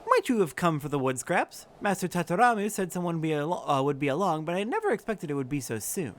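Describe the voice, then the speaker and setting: A man voicing a gentle male forester who speaks in archaic, formal phrasing while reading game dialogue aloud. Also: fairly high pitch, sing-song, fairly quick. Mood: dreamy. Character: dreamy male forester, old-fashioned and gentle.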